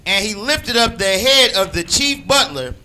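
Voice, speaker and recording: A man reading scripture aloud, slowly and deliberately. His pitch is high and moves around a lot, and his tone is very bright and sharp. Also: sing-song, a little hiss or hum, low-quality recording. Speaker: scripture reader.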